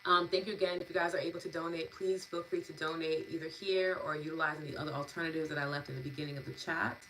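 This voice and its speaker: A deep-toned woman winds down her live wellness stream, warm and effusive. She reads out viewers' comments and thanks them, laughing easily between her words. A faint hiss sits under her voice. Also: fairly even intonation, quick pace, rough recording. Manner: warm, gushing, laughs often, lots of fillers. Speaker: EFT and meditation host. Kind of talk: live-stream wrap-up, reading chat comments.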